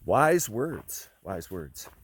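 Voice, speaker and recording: A man hiking outdoors and talking into his camera, rambling and reflective with lots of pauses and fillers. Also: on the low side, very animated, slight background noise. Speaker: long-distance hiker vlogging. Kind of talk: casual spoken trail diary.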